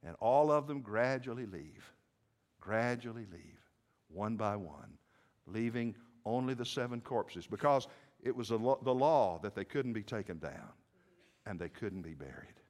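Slow, dramatic preacher with a lively voice. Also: male voice, fairly low pitch. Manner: swings from hushed to shouting. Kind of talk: dramatic sermon storytelling. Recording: echoey hall with long reverb.

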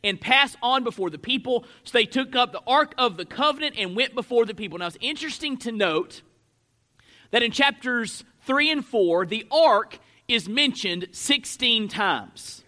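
High, bright-voiced man preaching. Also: expressive, normal speed. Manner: emphatic, stretches key words with sudden swells in loudness. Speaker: pastor. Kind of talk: expository sermon.

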